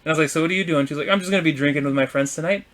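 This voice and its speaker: A young man swaps stories on a casual podcast. His voice sits a touch high, and he acts out both sides of each exchange, laughing along the way. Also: racing. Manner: animated storytelling, acts out dialogue, laughs often. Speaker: podcast co-host.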